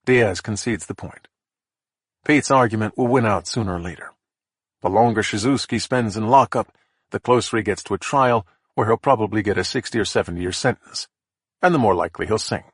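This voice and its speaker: Brief: male first-person thriller narrator, husky, matter-of-fact, dry studio read. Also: fairly low pitch, fairly quick, no room sound.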